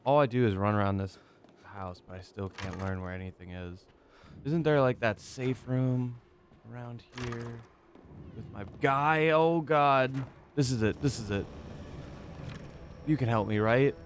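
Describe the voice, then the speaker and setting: A man's voice: medium pitch, measured pace, a little hiss or hum. A young man rambling through a let's play, self-mocking and swearing as he gets lost. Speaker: gaming YouTuber. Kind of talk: casual let's play commentary.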